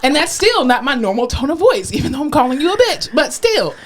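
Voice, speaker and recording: Blunt, animated woman on a podcast. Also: sits high, fast talker, crowd noise. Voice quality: nasal in her podcast voice. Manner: blunt and animated, swears freely. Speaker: podcast co-host. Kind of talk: casual podcast chat.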